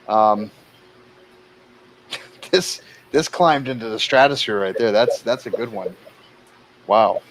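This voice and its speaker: A man's voice: mid-range voice, a little hiss or hum, poor audio. A man calling out bids in a casual livestream art auction, joking and exclaiming over each new bid.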